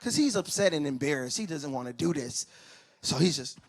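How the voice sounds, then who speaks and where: A man doing stand-up comedy on a church stage, telling family stories and acting out relatives in loud, high voices. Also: fairly quick, slightly rough. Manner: animated storyteller who acts out family members in loud high voices. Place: church stage before a live audience.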